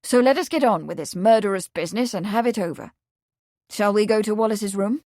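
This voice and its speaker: A woman voicing a kindly gentleman investigator with a measured manner. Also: medium pitch, no echo, studio quality, natural voice. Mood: resigned.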